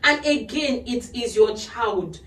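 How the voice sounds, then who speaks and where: Recorded from afar in a room with echo, a female podcast host speaks slowly in a fairly bright, higher voice. Her tone is chatty yet earnest as she counsels parents, and she laughs a lot.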